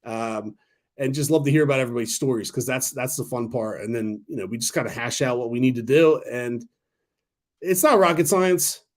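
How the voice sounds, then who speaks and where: A man in his thirties hosting a casual stock talk livestream, rambling and excitable, swearing freely. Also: medium pitch, fairly quick. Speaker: stock talk channel host.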